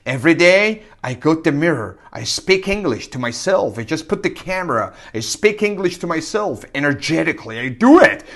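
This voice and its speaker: Energetic man drilling phrases. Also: on the high side, moderate pace, hardly any pauses. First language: Persian. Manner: repeats phrases loudly, bursts of emphasis, whispered translations. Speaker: English teacher. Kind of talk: energetic language lesson with repetition drills.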